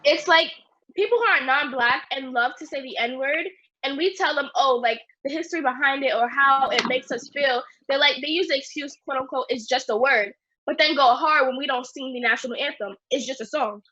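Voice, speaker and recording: A woman's voice: high voice, brisk, bright, forceful tone, lo-fi sound, a little hiss or hum. A young woman in a heated casual discussion, indignant and challenging. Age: young adult.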